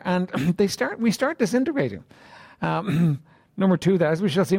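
Gravelly preacher guy, lively sermon voice, keeps asking the crowd questions. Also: sits high. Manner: conversational, rhetorical questions, frequent throat clearing.

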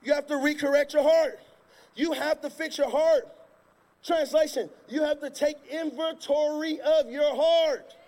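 A male pastor preaching a sermon from a church stage, emphatic and repetitive, breaking into sudden shouts. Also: extremely high pitch, fairly even intonation, unhurried. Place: church stage before a congregation. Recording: long reverb of a large hall.

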